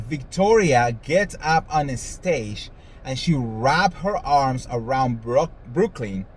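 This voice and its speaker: Sassy, animated gossip-host man. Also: medium pitch, a little hiss or hum, rough recording. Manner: animated, sassy, swears freely, dramatic voice swings. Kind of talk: casual commentary monologue.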